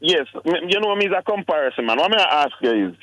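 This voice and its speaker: Man, Jamaican accent, sports radio host, teasing, casual chat, slightly high voice, dry studio sound. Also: big pitch swings, fast talker, fairly bright tone, dry recording, rough recording. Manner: teasing, pushes for answers.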